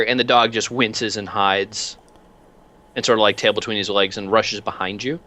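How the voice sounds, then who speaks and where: A man runs a tabletop game as its game master and narrates in a rambling, animated way full of fillers. His voice is low and bright. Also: normal speed.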